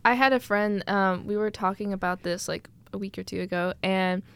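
A woman co-host with a mid-range voice speaks softly. She hesitates as she starts a story in casual chat. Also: medium pitch, moderate pace, clean tone, dry recording. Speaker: podcast co-host.

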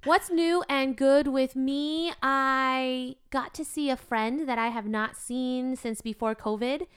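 Woman, podcast co-host, casual chat, upbeat storyteller, very clear tone. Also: sits high, steady tone, takes it slowly, a bit bright.

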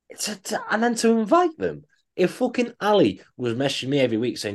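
A man's voice: on the high side, huge pitch swings, fast. A man co-hosting a coaching podcast, ranting bluntly and swearing in casual chat.

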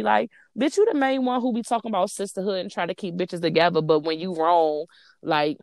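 A woman in casual chat, animated and profane, acting out quoted lines and calling people "honey.". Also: on the low side, fairly quick, no room sound, clean studio sound. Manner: calls listener "honey" and "child".

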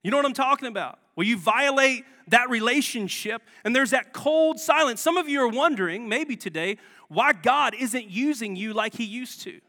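A man's voice: extremely high pitch, expressive, normal speed, bright, forceful tone. A man preaching a sermon as guest pastor, talking conversationally and asking the congregation rhetorical questions. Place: church sanctuary. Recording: long church hall reverb.

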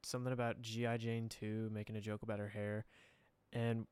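A man's voice: on the low side, level tone, a little fast, darkish tone, smooth, no echo. A young man co-hosting a podcast in casual chat, rambling and laughing often, trailing off mid-sentence. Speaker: podcast co-host.

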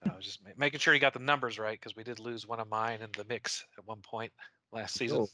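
A man's voice: lowish voice, fairly even intonation, quick pace, sharp tone, no room sound. A man co-hosting a podcast, bantering casually and offhandedly. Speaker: podcast co-host. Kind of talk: casual chat.

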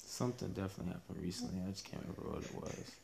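A man's voice: deep voice, lively intonation, very fast, creaky, darkish tone, a little hiss or hum. A man co-hosting a casual chat, teasing in a laid-back way and laughing at his own jokes. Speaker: podcast co-host.

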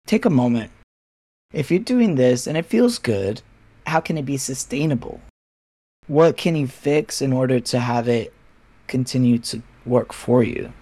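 A man speaking as a podcast guest in candid casual chat, frank and animated, swearing and acting out other people's lines. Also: medium pitch.

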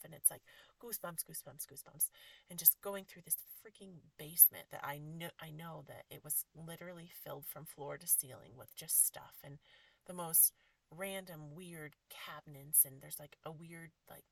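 A woman's voice: fairly low pitch, steady tone, moderate pace, gravelly, distant mic. A woman hosting a podcast, telling a personal story with emotion, full of fillers and often dropping to a whisper. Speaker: podcast host.

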